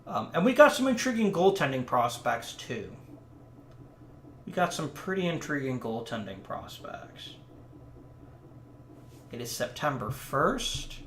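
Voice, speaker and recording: A man's voice: on the high side, sing-song, measured pace, pauses often, reverberant, slight background noise. A man casually commenting on a hockey management game he is playing, rambling with frequent ums. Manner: chatty, rambling, lots of ums. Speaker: let's play commentator.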